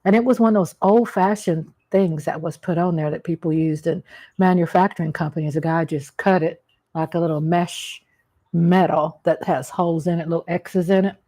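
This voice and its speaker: A middle-aged food vlogger eats at a table at home while chatting about family cooking in a casual mukbang, rambling and homey with frequent restarts. Her voice is fairly low and dark, with fairly even intonation at a normal speed.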